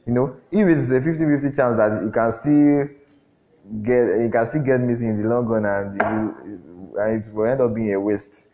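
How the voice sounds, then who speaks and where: A man preaching a sermon, often throwing questions at the congregation and filling pauses with "um". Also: lowish voice, dark tone. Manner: call-and-response questions, frequent fillers. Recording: dull lo-fi recording.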